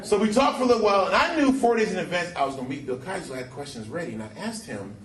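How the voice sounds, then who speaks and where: A man doing a stand-up routine, telling animated stories and slipping into celebrity voices. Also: high-pitched, very fast. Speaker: stand-up comedian. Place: comedy club stage. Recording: roomy club sound from a distant mic, crowd laughter and noise.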